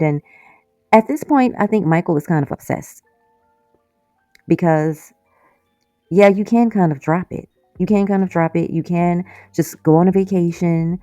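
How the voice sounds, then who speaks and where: A woman with a low, mellow voice recaps a TV episode in a loose, chatty way. She breaks in with animated, exasperated asides and laughs often. The sound is dry and close, with faint music underneath. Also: a little slow, long pauses, dry recording. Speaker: series reviewer.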